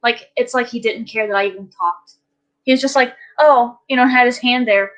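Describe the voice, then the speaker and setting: A woman's voice: a little high, fairly even intonation, a little fast, fairly bright tone, rough recording. A woman telling stories in a casual chat, ranting animatedly with lots of fillers.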